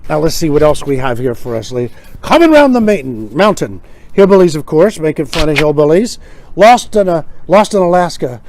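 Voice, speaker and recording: A man's voice: fairly high pitch, sing-song, normal speed, darkish tone. A man hosting a casual comedic monologue, wry and joking, acting out quoted gags. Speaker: host.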